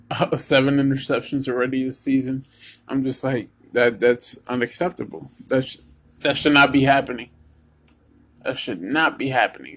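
An American man runs through his weekly football picks in a loose, unscripted way. He stops and restarts often and fills gaps with ums. His pitch sits in a middle range for a man. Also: rough recording. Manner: halting, many ums and restarts; Eagles fan, talks straight to listeners. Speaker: sports vlogger giving picks. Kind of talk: casual predictions monologue.

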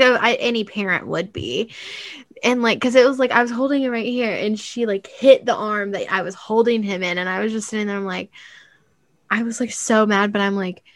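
A young woman telling a story in casual chat, animated and swearing, laughing often. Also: mid-range voice, no room sound.

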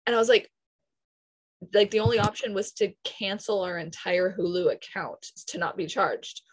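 A woman's voice: mid-range voice, normal speed, husky, poor audio. A young woman telling a story in casual chat, quoting others as she goes.

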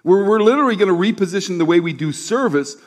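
Chatty middle-aged pastor, slightly high voice. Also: male voice, expressive, fast talker. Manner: conversational storytelling with asides; asks the crowd for responses. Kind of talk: sermon.

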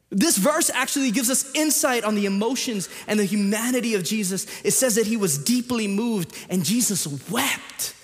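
A man, his fairly high voice ringing out with a long hall reverb. He tells stories with lively energy, then drops to a hush before building back to loud emphasis. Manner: animated storytelling, jumps between hushed reading and loud emphasis. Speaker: pastor. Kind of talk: sermon. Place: church auditorium.

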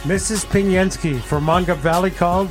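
A man's voice: high voice, moderate pace, over music. A man hosting a morning radio show, bantering and teasing his guests with frequent laughs. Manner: teasing, jokey, laughs often.

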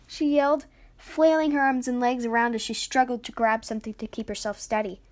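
A woman narrating a children's adventure story aloud. Her delivery is lively, and her voice sits fairly high. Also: a little fast. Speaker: story reader.

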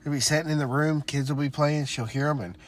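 A man co-hosting a podcast in casual chat, easygoing and laughing along with quick asides. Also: on the high side, fairly even intonation, a little hiss or hum. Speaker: podcast co-host.

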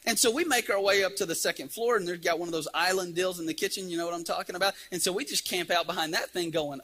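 A middle-aged man preaching a sermon, telling a lively story and acting out the scenes. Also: sits high, fast, breathy edge. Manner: animated storyteller, acts out scenes.

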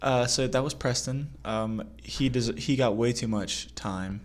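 A man's voice: medium pitch, a little slow. A man co-hosting a podcast, trading dry, teasing banter. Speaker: podcast co-host. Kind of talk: casual podcast chat.

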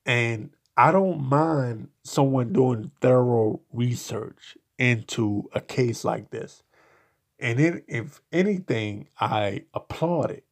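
Male solo commentator, gravelly, slow, blunt and profane. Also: medium pitch, animated. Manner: slow, halting delivery with repeated restarts. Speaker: podcast commentator.

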